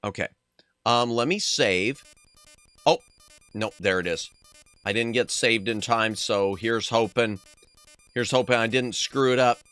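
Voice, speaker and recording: A man's voice: medium pitch, unhurried, long pauses, smooth, no echo, soft background music. A man streaming a retro game, chatting casually with his chat, with a sore throat. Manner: chatty, animated. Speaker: VTuber streamer. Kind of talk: casual game stream, reading dialogue aloud.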